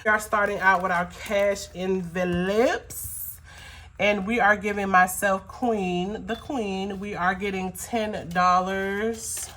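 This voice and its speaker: A woman's voice: medium pitch, steady tone, a bit bright, a little hiss or hum. A woman talking casually as she counts cash into budget envelopes, rambling, with many fillers, and at times choked up. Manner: slow, rambling, counts bills aloud with frequent fillers. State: emotional, choked up. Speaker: budgeting vlogger.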